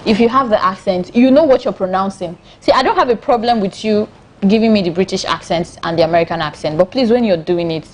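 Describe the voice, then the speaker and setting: A woman's voice: mid-range voice, fast talker, darkish tone, a little hiss or hum. A Nigerian woman co-hosting a studio panel discussion, talking emphatically and firmly. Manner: emphatic, opinionated, quotes people in voices. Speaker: co-host.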